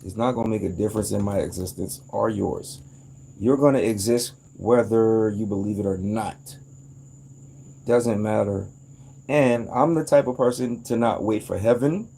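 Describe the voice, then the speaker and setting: A man in a casual, rambling monologue, animated and profane, jumping into sudden high outbursts. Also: moderate pace, vocal fry, slight background noise. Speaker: vlogger.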